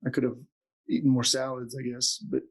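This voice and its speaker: A man's voice: medium pitch, expressive, brisk, slightly rough, poor audio. A man in his forties, a doctor telling a story in an interview and acting out the quotes with animation. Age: 40s. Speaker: podcast guest, doctor.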